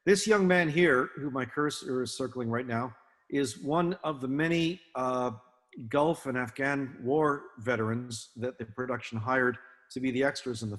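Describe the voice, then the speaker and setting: Older man giving a rambling anecdotal talk. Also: mid-range voice. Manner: relaxed, anecdotal, many fillers and restarts. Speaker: guest speaker, film naval advisor. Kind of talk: illustrated talk to an audience. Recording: long hall reverb.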